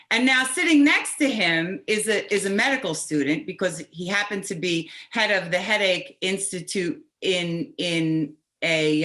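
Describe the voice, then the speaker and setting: Bright, lively middle-aged woman telling her story. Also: mid-range voice. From New Jersey. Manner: halting, with restarts, wry and animated. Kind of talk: personal storytelling.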